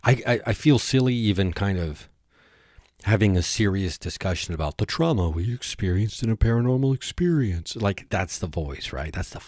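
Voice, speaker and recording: Man, podcast host, low voice, dry close sound, rambling, jokey. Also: animated, moderate pace, darkish tone, no echo. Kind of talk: casual comedic monologue.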